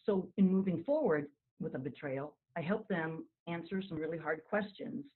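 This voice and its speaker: Husky woman therapist on a phone line. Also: lowish voice, moderate pace. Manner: earnest, explanatory. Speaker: marriage and family therapist guest. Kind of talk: advice in an interview. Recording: tinny phone-line sound.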